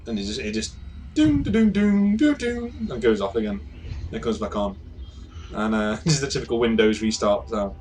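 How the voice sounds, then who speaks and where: A male game master narrates casually, with halting restarts. Faint ambience sits behind his voice. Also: on the low side, fairly even intonation, a little mellow, slight background noise.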